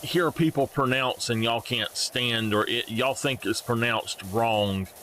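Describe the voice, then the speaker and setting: A man's voice: medium pitch, unhurried, slight background noise. A young man, chatting casually and rambling animatedly to his live-stream viewers while playing a game. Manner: animated, rambling, frequently laughing.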